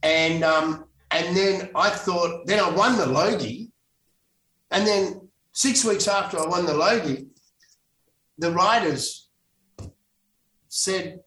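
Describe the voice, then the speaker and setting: An Australian man, a former actor, telling lively stories about his career as a podcast guest, acting out what he said back then. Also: high voice, slow, long pauses, echoey room, distant mic, poor audio. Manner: animated storyteller acting out his own past lines. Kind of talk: storytelling in podcast interview.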